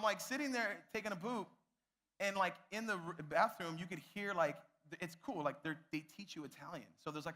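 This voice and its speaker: A man's voice: fairly high pitch, pushed and bright. A young man, a youth pastor, telling a self-mocking story to a youth group and addressing them directly.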